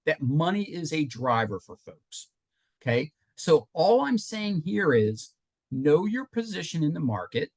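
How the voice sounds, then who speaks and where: A man leads a workshop with a lively, swooping delivery and an emphatic, chatty manner. His voice sits a bit high for a man. The recording is dry and close. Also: dry recording. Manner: animated, conversational, emphatic. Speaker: workshop presenter. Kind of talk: live webinar teaching.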